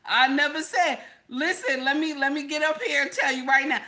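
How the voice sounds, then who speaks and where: A woman's voice: high voice, normal speed, sharp tone. A woman vlogger chatting casually on a live stream, repeating herself and talking straight to her chat viewers. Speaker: vlogger reacting to videos and chat.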